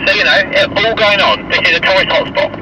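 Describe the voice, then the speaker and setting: A man's voice: sits high, fast. A man chatting casually with dry humour from another small car on a road trip. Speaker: fellow YouTuber driving the other car. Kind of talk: casual chat. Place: inside a small moving car. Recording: distant voice under loud engine noise.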